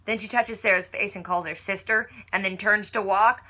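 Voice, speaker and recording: A woman's voice: medium pitch, steady tone, normal speed, hardly any pauses, pushed and bright, breathy edge. A woman giving a casual, chatty recap of a TV episode, full of "like" and playful mock quotes of the characters. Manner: chatty, heavy use of "like".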